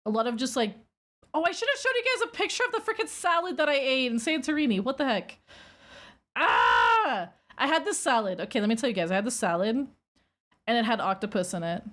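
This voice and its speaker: Talking fast, a woman streamer casually tells her viewers a meandering story. Her voice is fairly high and swings a lot, jumping up into squeals whenever something excites her.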